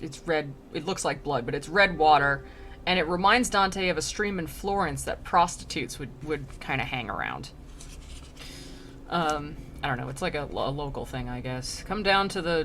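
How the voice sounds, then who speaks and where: A woman's voice: low-pitched, normal speed, fairly bright tone, a little hiss or hum. A woman streamer casually reading an old poem aloud and chatting about it, giggling often. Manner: chatty, giggly, lots of fillers.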